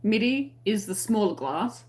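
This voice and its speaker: A woman with a medium-pitched, darkish-toned voice speaks in an animated but unhurried way. The Australian host of a crochet live stream, she chats casually, reads out comments from viewers, and laughs often, staying friendly throughout.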